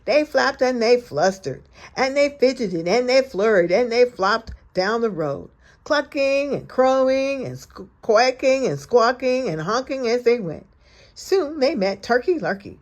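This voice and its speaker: A woman hosting storytime, reading a children's picture book aloud in an expressive, gentle and encouraging way. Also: on the high side, unhurried. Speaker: storyteller host.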